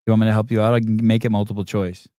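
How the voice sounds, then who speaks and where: A man's voice: fairly low pitch, little pitch movement, racing, dark tone, no room sound, studio quality. A man hosting a podcast, teasing and quizzing a guest in casual, profane banter. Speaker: podcast host. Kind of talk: casual live-show banter.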